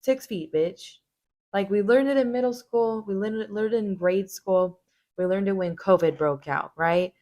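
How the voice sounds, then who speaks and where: A woman's voice: mid-range voice, fairly even intonation, normal speed, mellow. A woman hosting a reaction video, giving blunt, casual commentary full of swearing.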